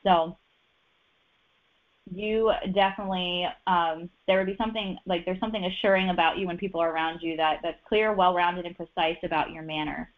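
A woman's voice: lowish voice, fairly even intonation, fairly quick. A woman giving a casual personal reading, chatty and full of fillers and restarts. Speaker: human design reader. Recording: dull lo-fi sound.

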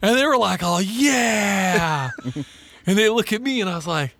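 A man telling lively, profane stories in casual chat, acting out quotes. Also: sits high, racing, gravelly, slight background noise. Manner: animated, profane storytelling with acted-out quotes.

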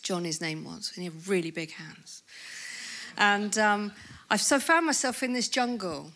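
A woman in her fifties gives a testimony at a conference. Her voice sits at a middle pitch, and she tells her story in a lively way, laughing often and acting out the things people said to her. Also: unhurried. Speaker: conference speaker.

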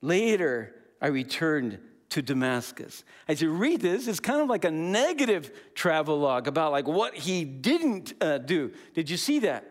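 A man preaching a sermon, telling the story in an animated, playful way with casual asides. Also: fairly high pitch, normal speed, few pauses. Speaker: pastor.

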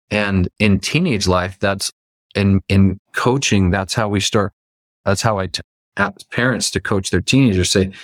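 Low-voiced man explaining parenting phases. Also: measured pace, no echo, studio quality. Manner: explanatory, acts out quoted dialogue. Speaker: life coach guest; football coach. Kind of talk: podcast interview.

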